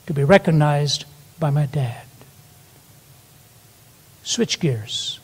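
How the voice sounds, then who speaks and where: Older guy preaching, kinda high-pitched, big echoey hall, tells stories and builds up. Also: lively intonation, takes it slowly, darkish tone, breathy edge. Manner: storytelling, rising to emphatic peaks. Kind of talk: sermon with stories. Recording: long hall reverb.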